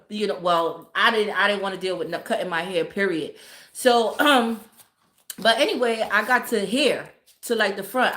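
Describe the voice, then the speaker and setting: A woman's voice: fairly high pitch, echoey room. A woman casually telling a story to her live viewers, swearing freely and laughing as she goes. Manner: profane, laughing, animated storytelling. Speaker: streamer.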